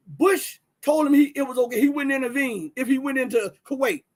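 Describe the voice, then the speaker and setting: A Southern man hosts a casual livestream, talking to his viewers as he reads from the screen. His voice sits high and sounds husky, and he pushes his points with plenty of restarts. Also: a little fast. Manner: animated, talks to viewers directly, many restarts and fillers. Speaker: livestream host.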